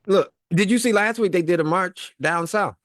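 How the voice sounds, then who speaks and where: Rambling chuckling man, high voice, dry sound. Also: normal speed, fairly bright tone, no room sound. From Midwest United States. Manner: rambling, chuckling, lots of fillers. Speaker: co-host. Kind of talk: casual livestream chat.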